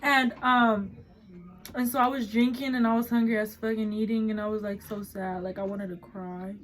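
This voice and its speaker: A woman's voice: medium pitch, steady tone, normal speed, slight background noise, low-quality recording. A nineteen-year-old woman vlogger telling a story in casual chat, blunt and swearing a lot, switching between English and Spanish mid-sentence.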